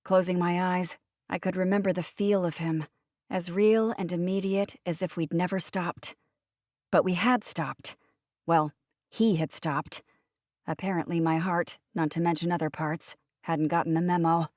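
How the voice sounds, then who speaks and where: A woman giving a wry, brisk first-person audiobook narration. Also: on the low side, steady tone, darkish tone, no echo, clean studio sound.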